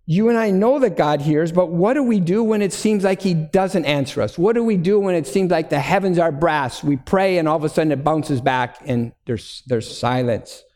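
A middle-aged man preaching a sermon, earnest and deliberate, slowing down to stress key words. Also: a little high, a little mellow, big-room sound. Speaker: pastor.

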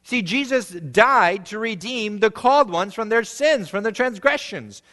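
High-voiced earnest male preacher. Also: animated, measured pace, in a large hall. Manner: earnest preaching that swells to emphatic peaks and drops to quiet, hushed endings. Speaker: pastor. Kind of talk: sermon.

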